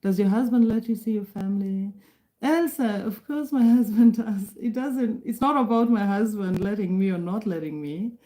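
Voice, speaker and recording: On a rough recording, a middle-aged woman from Kenya hosts a relaxed live stream, responding to viewers' comments as she reads them. She laughs a lot and often starts sentences over, speaking at normal speed in a mellow, mid-range voice.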